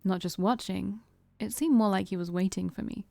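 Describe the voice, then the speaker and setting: A woman's voice: mid-range voice, normal speed, vocal fry, warm tone, no echo. Brief: woman host, casual let's play narration, dry close mic. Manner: casual, chatty asides. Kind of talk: reading a visual novel aloud with chat.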